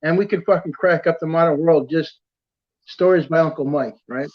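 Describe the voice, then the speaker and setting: A man's voice: fairly high pitch, normal speed. A man telling stories in casual chat, rambling with many fillers and laughing through his tales. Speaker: storyteller in casual conversation. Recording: dull lo-fi audio.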